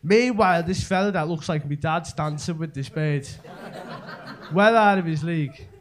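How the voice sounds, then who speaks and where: A man's voice: a little high, normal speed. A young man with a Scouse accent doing a rambling live stand-up set full of local slang in a comedy club. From Merseyside, England. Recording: live club with crowd laughter. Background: audience laughter.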